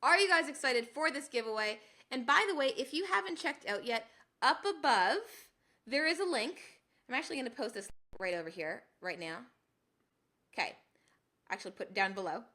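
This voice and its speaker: A woman hosting a casual health live stream, animated and talking to her viewers while she exclaims and curses at the cold. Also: on the high side, moderate pace. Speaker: health show host.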